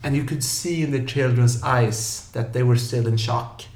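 A professional clown telling lively stories in an interview, acting out scenes with yelps and funny voices. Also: male voice, medium pitch, moderate pace. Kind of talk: animated storytelling in an interview. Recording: echoey room.

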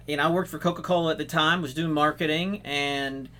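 Male guest, executive pastor, enthusiastic and explanatory, slightly high and bright voice. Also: steady tone, fairly quick, a little hiss or hum. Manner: enthusiastic, explanatory, many restarts and fillers. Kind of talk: casual podcast interview.

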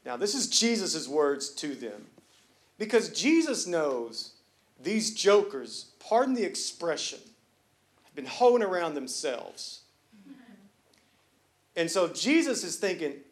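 A man preaching a sermon in a church, talking casually with jokes and slang, then building to loud, emphatic points. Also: high-pitched, big pitch swings, takes it slowly, pauses often. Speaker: pastor. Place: church sanctuary.

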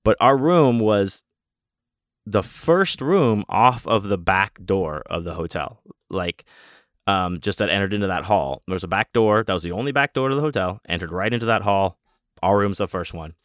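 A man's voice: on the low side, lively intonation, normal speed, a bit bright, no room sound, studio quality. Rambling, cursing man telling a story. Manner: rambling and profane, with many restarts. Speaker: convention guest. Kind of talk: casual storytelling.

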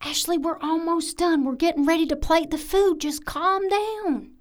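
A woman's voice: very high voice, fairly even intonation, normal speed. An actress playing a tired female cook, a smoker who is short on patience and blunt with her coworkers. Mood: weary.

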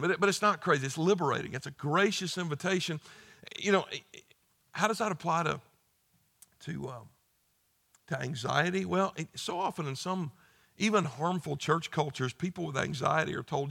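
A male pastor giving a conversational sermon, joking and then rising into emphatic, forceful bursts. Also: high voice, expressive, moderate pace, gravelly.

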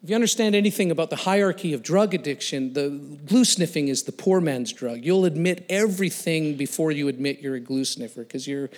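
A male guest speaker telling a personal story in a sermon, animated, laughing and acting out the voices of the people in it. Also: on the high side, a little fast, hardly any pauses. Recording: long reverb of a large hall.

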